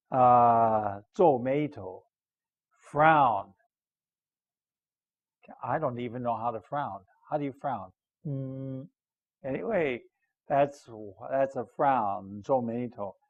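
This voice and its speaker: Older American male teacher, very slow and patient, repeats and checks in, dull lo-fi sound. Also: a little high, darkish tone. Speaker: English teacher. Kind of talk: slow explanatory lesson, reading a story aloud.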